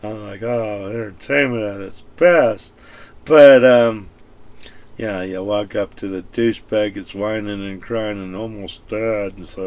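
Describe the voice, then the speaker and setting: Speaking a little slowly in a lowish voice with a darkish tone, this vlogger delivers a casual, crude rant to camera. He drifts from point to point, swearing all the while.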